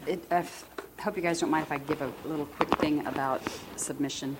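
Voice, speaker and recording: A woman's voice: low-pitched, fairly even intonation, a little fast, very noisy. A woman in her sixties giving an earnest, emotional personal testimony in a church talk on marriage. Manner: earnest and emotional, quotes others vividly. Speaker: marriage ministry speaker.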